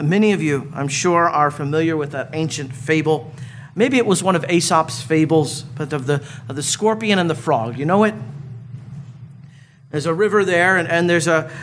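A man's voice: fairly high pitch, fairly bright tone, a little hiss or hum. A man preaching a sermon as a pastor, earnest, with storytelling asides.

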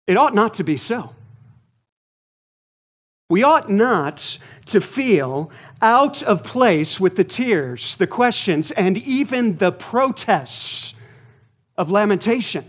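A man's voice: sits high, sing-song, takes it slowly, husky. Earnest man preaching a sermon. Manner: earnest, with repetitions for emphasis. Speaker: pastor.

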